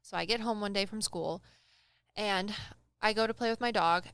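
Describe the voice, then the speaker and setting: A young woman casually telling a personal story on a podcast, animated and acting out the people she quotes. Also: mid-range voice, normal speed, clean tone, dry recording. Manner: animated, acts out quoted voices, laughs often. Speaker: medium telling stories on a podcast.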